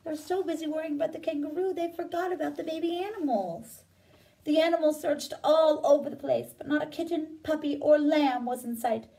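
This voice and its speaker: A woman librarian reads a children's picture book aloud in a gentle, sing-song way. Her high voice bobs expressively and sounds a little distant from the mic. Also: brisk, vocal fry. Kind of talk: children's story time reading.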